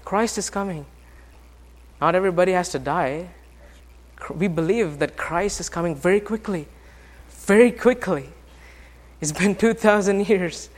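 A male pastor with a high voice preaches a sermon to his congregation. He moves from hushed, quiet passages to loud, fervent ones and keeps asking the listeners questions. His voice rings with the long reverb of a church hall.

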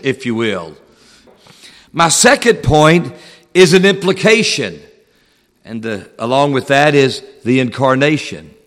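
High-pitched pastor guy preaching, slows way down on the big words, long church echo. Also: a bit bright. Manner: measured, slows down to stress key words. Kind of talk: sermon. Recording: long hall reverb.

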